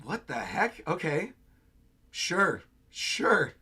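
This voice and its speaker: A young man hosting a manga reaction livestream, giving animated commentary with lots of laughing. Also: on the high side, very slow, breathy edge. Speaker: channel host.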